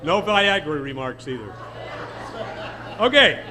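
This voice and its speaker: A man's voice: on the high side, sing-song, takes it slowly. An older man leading a dinner crowd in songs, telling jokes in a folksy, chuckling way. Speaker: song leader and emcee. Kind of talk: casual emcee patter and joke telling.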